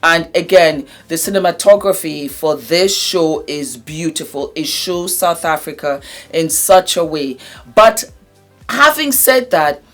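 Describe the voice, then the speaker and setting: A woman casually recapping a reality show, animated and laughing often as she acts out what people said. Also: sits low, a little slow, faint music behind.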